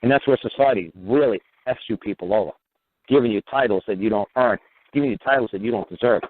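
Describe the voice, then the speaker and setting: A man delivers a rambling, profane radio monologue at a rapid clip. He keeps circling back with "you know what". His voice sits low and comes through thin, as if over a phone line. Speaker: radio show host. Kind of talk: radio talk show monologue. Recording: narrow phone-like radio audio.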